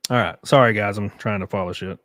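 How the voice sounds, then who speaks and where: A man's voice: fairly low pitch, fast talker, fairly bright tone, no echo, studio quality. A man streaming casually, reading viewer comments and effusively thanking them in a loose, profane way. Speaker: streamer and race car driver.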